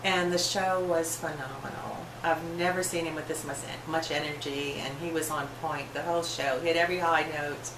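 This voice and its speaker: A woman chats casually, gushing and sweet. Her voice is a little low and sounds roomy. Clear background noise runs behind her. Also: fairly even intonation, moderate pace, few pauses. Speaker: concert-goer. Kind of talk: casual chat.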